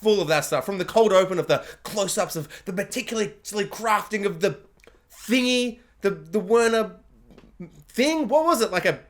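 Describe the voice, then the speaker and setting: A young man with a high, light voice talks through a TV episode recap. He rambles in a loose, chatty way, full of asides and little impressions of the characters. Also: expressive. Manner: chatty, rambling, quick to act out quotes. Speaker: TV review vlogger. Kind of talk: casual spoken recap and review.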